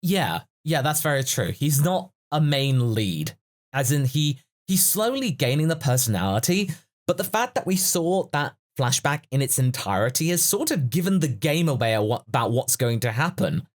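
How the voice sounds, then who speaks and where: A man's voice: mid-range voice, big pitch swings, normal speed. A man hosting a casual podcast discussion, musing and analytical in a chatty way. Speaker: podcast host.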